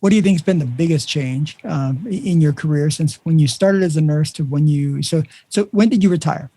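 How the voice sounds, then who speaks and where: A man's voice: on the high side, fairly quick, no echo. A man hosting a podcast interview, telling a work story and acting out the dialogue in it. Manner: animated storyteller, acts out dialogue. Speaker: podcast host. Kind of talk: conversational interview.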